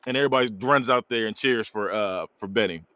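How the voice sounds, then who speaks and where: A man's voice: fairly low pitch, fast talker, clean tone, dry recording. A man hosting a podcast, retelling a movie plot in a casual, laughing way. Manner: animated storyteller, laughs often. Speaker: podcast host. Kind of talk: casual movie recap chat.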